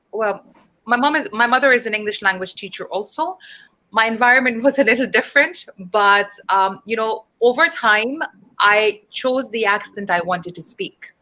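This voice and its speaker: A woman from Dubai leads an online English conversation class with a bright, clear voice. She talks patiently and encouragingly, spelling out words and putting questions to her students. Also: medium pitch, low-quality recording. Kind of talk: online group speaking lesson.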